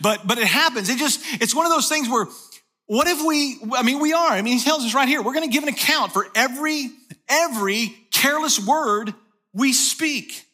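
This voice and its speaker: A man's voice: extremely high pitch, expressive, normal speed, sharp tone. A middle-aged male pastor preaching a sermon, telling a story and then pressing his point with emphatic repetition.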